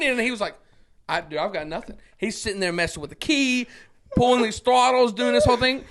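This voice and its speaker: A man's voice: extremely high pitch, quick pace. A man guesting on a podcast, telling a story in casual chat, acting out what people said and laughing often. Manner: animated, acts out quoted voices, frequent laughs.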